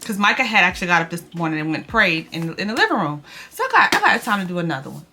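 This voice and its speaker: Bright-voiced woman vlogging, close to tears. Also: on the low side, sing-song, quick pace, slight background noise. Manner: restarts and repeats words, addresses viewers as y'all. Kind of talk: emotional confessional vlog.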